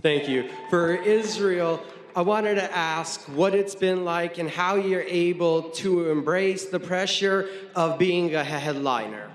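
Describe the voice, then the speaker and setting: Man, reporter, polite, direct, slightly high voice, echoey room. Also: measured pace, soft background music. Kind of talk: asking press conference questions.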